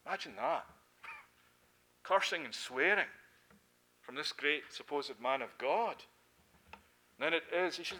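Bright-voiced Scottish preacher. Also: male voice, animated, unhurried, long pauses. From Scotland. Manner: earnest, rising to emphatic peaks then dropping low. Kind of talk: sermon.

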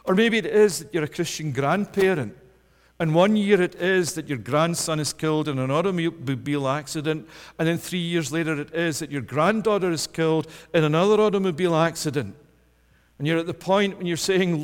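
A man preaches with fervent intensity, his somewhat high voice rising to loud pleading cries before dropping low and quiet. His words ring out with a long reverb, as if filling a large church. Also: a little fast, clear, resonant tone. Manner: rises to impassioned, loud pleading then drops low and soft. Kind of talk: sermon.

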